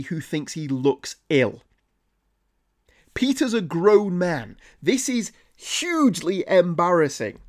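A man recapping an old comic with sarcastic, incredulous commentary. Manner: sarcastic, incredulous, jumps high in pitch when ranting. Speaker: comic book reviewer.

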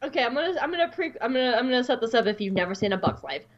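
Woman, podcast co-host, casual chat, animated, laughing, higher voice, muffled sound. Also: very fast. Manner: animated, laughing, swears, acts out quotes.

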